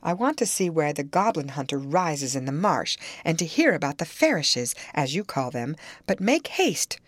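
A woman voicing a spoiled, haughty young girl who is imperious and quick to tears, in a storybook reading. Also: low voice, sing-song, no room sound, clean studio sound. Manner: demanding, indignant, quick to tears.

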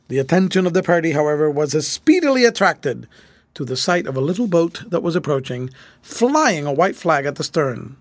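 A man reading a children's adventure story aloud as an audiobook narrator, with an expressive delivery. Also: fairly high pitch, fairly quick, no echo.

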